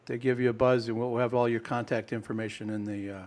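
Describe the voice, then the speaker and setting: A man's voice: mid-range voice, level tone, quick pace, darkish tone. A man from the Midwest hosting a business podcast, asking friendly, chatty questions with plenty of "um"s. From American Midwest. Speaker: podcast host. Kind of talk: casual interview chat.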